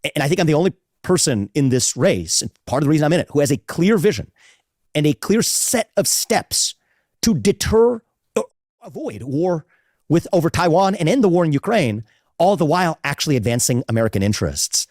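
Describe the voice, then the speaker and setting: A man running for president who answers an interview question on foreign policy, laying out his plan confidently in fast run-on sentences. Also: on the high side, big pitch swings, darkish tone, no room sound, clean studio sound. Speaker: presidential candidate.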